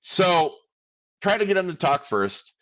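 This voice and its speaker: A man's voice: high voice, very animated, a little slow, fairly bright tone, muffled recording. A man giving a live credit repair coaching talk, animatedly acting out phone calls.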